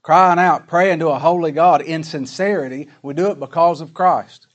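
Folksy man preaching a slow-read sermon. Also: a little high, muffled recording. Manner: folksy preaching, rhetorical questions, slow emphatic scripture reading. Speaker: pastor.

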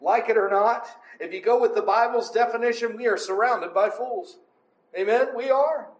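High-voiced man teaching the Bible. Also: normal speed. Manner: emphatic, asks for agreement with "right?" and "amen?". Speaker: preacher. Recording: roomy echo.

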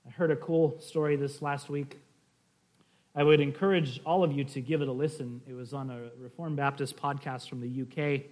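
A man's voice: mid-range voice, fairly even intonation, normal speed, a little mellow. A man preaching a sermon, speaking earnestly and directly to his listeners as he tells a conversion story. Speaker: pastor.

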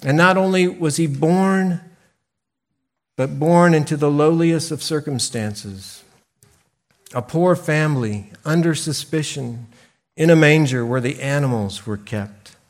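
Slow, deliberate male preacher. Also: on the high side. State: briefly choked up. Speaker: pastor. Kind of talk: sermon.

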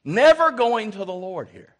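A male pastor preaching a sermon, swinging from loud exhortation to quiet asides and calling for amens from the congregation. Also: high-pitched, sing-song, a little slow.

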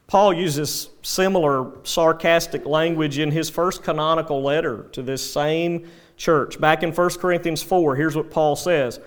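A male pastor preaching a sermon, animated, with dry sarcastic asides. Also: a little high, unhurried.

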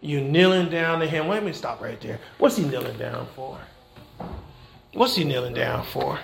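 A man preaching a sermon, animated and folksy, with rhetorical questions and repeated phrases. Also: a little high, moderate pace, gravelly, echoey room, slight background noise. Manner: folksy Southern American church phrasing. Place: church.

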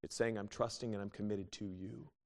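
A man's voice: lowish voice, fairly even intonation, fairly quick. Impassioned preacher man in a reverberant hall. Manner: impassioned preaching with rising bursts and hushed pleas. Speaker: pastor. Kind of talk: sermon. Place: church sanctuary. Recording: long church reverb.

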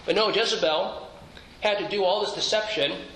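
A man's voice: high-pitched, moderate pace, a bit bright. A man pastor preaching a sermon in an earnest, conversational way, asking rhetorical questions and restarting his phrases. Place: church sanctuary. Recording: echoey church room, faint noise.

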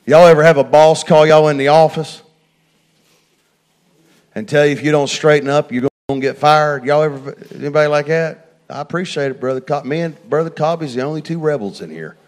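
A middle-aged man preaching a sermon, telling a personal story and swinging from hushed asides to loud, fervent passages. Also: a little high, fairly quick.

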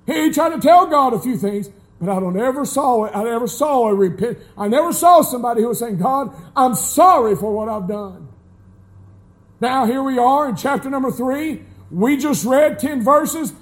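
High-pitched, folksy preacher man. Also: lively intonation, fairly quick, few pauses. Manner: folksy, emphatic preaching that rises to shouts. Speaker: pastor. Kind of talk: sermon. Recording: live church sermon recording.

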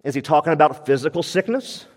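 Male pastor, high voice, emphatic sermon delivery with repeated points, church hall with long reverb. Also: animated, fast. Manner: emphatic, repeats key phrases.

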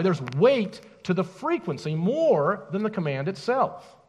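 Emphatic pastor, male, high and very animated voice, preaching in a church. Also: big-room sound. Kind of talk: sermon.

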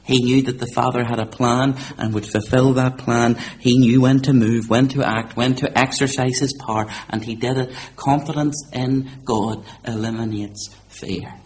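A man delivering a sermon at a middle pitch, climbing to loud, high proclamation and then dropping to a hushed, slowed delivery. A faint hum of room ambience sits under his voice. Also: steady tone. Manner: rises to loud, high preaching and drops to quiet, slow emphasis. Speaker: preacher.

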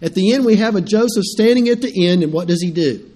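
A man's voice: sits high, quick pace, mellow. A middle-aged man preaching a sermon as pastor, telling stories animatedly and putting questions to the congregation.

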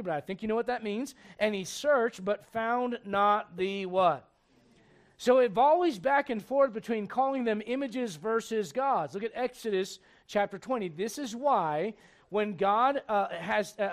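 A man preaches with lively, chatty storytelling, acting out the characters' lines and tossing questions to his congregation. His voice sits quite high for a man. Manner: animated storytelling, acts out characters, asks the crowd questions. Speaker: pastor. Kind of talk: sermon.

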